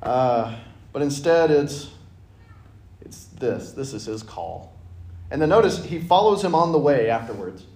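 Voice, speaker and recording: A man's voice: mid-range voice, very animated, unhurried, darkish tone. A man teaching a casual Bible study, enthusiastic and chatty, often acting out scripture lines. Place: church meeting room. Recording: roomy room sound.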